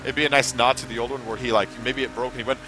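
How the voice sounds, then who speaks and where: A man's voice: medium pitch, steady tone, racing, bright, forceful tone, faint music behind. A man hosting a live gameplay stream, chatting in a rambling, casual way, swearing now and then and reading chat messages aloud. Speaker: gaming livestream host.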